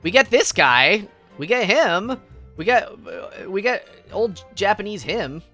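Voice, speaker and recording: A woman's voice: medium pitch, very animated, slow pace, sharp tone, faint music behind. A woman streaming a game, giggly and playful, chatting with viewers. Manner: giggly, playful, reads chat.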